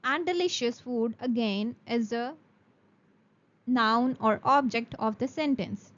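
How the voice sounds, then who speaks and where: A woman teaches a beginner English lesson in a high voice. She talks slowly and carefully and repeats each word for her students. The recording sounds a little dull and lo-fi. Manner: slow, careful, repeats words for practice.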